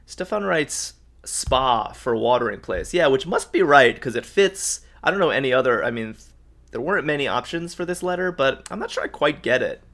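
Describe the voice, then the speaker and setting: A man's voice: mid-range voice, animated, normal speed, gravelly, a bit bright. Give me an upbeat man hosting a live puzzle stream, chatting with viewers as he solves. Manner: upbeat, thinks aloud, reads out viewers' answers. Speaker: host of a live crossword solve.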